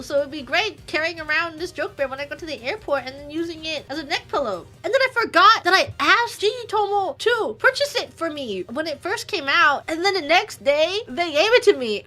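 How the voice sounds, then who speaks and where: A woman's voice: high-pitched, sharp tone. A young woman streamer telling funny stories in casual chat, giggling and acting out her friends' lines.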